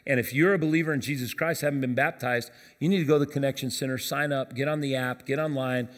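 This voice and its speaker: A man's voice: mid-range voice, fairly even intonation, fast. A man in his fifties, a pastor, preaching a sermon in a conversational storytelling way with touches of humor. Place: church auditorium. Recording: church hall with long reverb.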